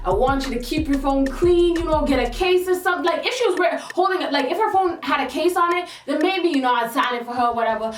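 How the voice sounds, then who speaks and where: A young woman vlogger telling a storytime in a casual, sassy, animated way, acting out what people said. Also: fast, few pauses, echoey room, far from the mic, faint music behind. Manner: animated, sassy, acts out quotes in high exclaiming bursts. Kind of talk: storytime vlog, casual chat.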